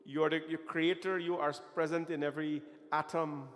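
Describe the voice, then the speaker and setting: A man's voice: fairly high pitch, level tone, fairly quick, a bit bright. A man telling a devotional story as a sermon, impassioned and often calling his listeners friends. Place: temple hall. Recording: reverberant hall with faint music.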